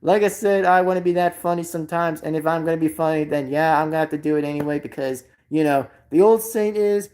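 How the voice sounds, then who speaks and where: A woman hosting a live stream in loose, rambling chat. Her voice sits a little low for a woman. She strings her thoughts together with constant fillers and asides. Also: fast, hardly any pauses, darkish tone.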